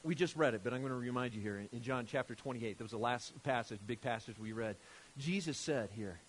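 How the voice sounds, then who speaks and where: A man preaching a sermon from scripture, animated and emphatic, firing rhetorical questions at his listeners. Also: medium pitch, quick pace, a little hiss or hum.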